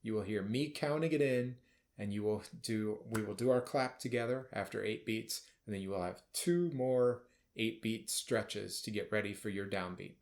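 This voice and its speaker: A man's voice: lowish voice, normal speed, darkish tone. A man leading a band rehearsal as conductor, explaining casually and now and then singing or calling out musical phrases. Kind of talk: rehearsal instruction.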